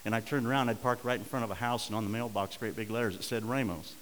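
Middle-aged pastor preaching in an echoey hall. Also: male voice, on the low side, steady tone, very fast, a little hiss or hum. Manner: storytelling, swings from soft to loud and urgent. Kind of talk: sermon.

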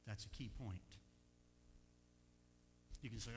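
Older pastor, animated preaching in echoey hall. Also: male voice, lowish voice, unhurried, pauses often. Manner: animated storytelling, swinging from quiet asides to loud emphatic peaks. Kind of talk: sermon. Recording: echoey hall with faint hum.

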